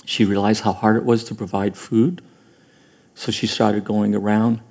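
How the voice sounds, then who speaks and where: A man's voice: fairly low pitch, little pitch movement, unhurried, vocal fry, darkish tone. A man preaching a sermon as pastor, earnest, often repeating words and restarting phrases.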